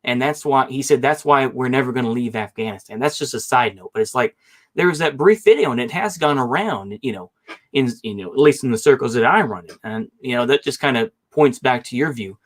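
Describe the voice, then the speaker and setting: A man's voice: mid-range voice, animated, a little fast. Guy rambling thru his debate points, lots of hedging and trailing off. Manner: rambling and hesitant, hedging often. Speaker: debate guest. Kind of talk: online political debate.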